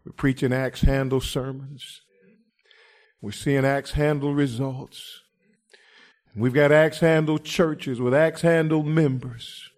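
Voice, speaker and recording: A male preacher delivering an impassioned sermon, swinging from quiet murmurs to loud shouts, throwing in rhetorical "huh?" asides and calling listeners "friend". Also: medium pitch.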